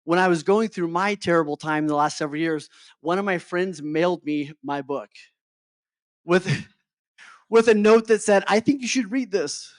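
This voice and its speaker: A man's voice: on the high side, normal speed, pauses often, no room sound, clean studio sound. A middle-aged man giving a motivational talk to a live audience as a life coach. He keeps checking in with his listeners and often stumbles over and repeats his words.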